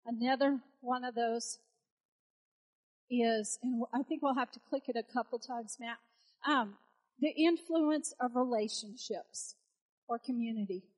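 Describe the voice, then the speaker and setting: A woman preacher delivering a sermon, telling a story and exhorting her listeners with animated, emphatic delivery. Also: on the high side, a little slow, poor audio.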